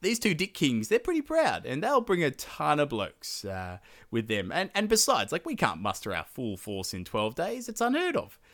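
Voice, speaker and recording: A man's voice: wildly swooping pitch, moderate pace, a bit bright, full character voice. A man doing a blunt, wary warrior adviser. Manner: casual slangy paraphrase, pitched up.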